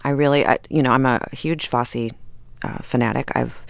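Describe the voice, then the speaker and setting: Chatty woman with gravelly fry. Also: a bass voice, steady tone, moderate pace, no room sound. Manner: chatty, rambling with fillers and restarts, laughs often. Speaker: actress, interview guest. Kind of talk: casual interview conversation.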